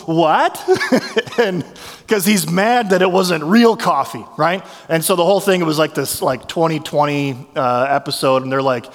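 A man preaching a sermon as a pastor, telling stories in a conversational, animated way with restarts. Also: on the high side, moderate pace, in a large hall.

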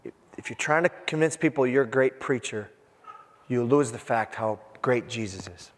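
A man preaching a sermon in a lively, animated way, acting out quotes and breaking into asides. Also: medium pitch, moderate pace. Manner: animated, acts out quotes, self-interrupting asides. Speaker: pastor. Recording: long reverb of a large hall.

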